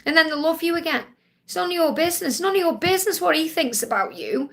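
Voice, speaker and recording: A woman's voice: very high voice, animated, quick pace. A woman reading tarot cards live for viewers' questions, reassuring and often checking in with "okay?". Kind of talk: live-stream Q&A card reading.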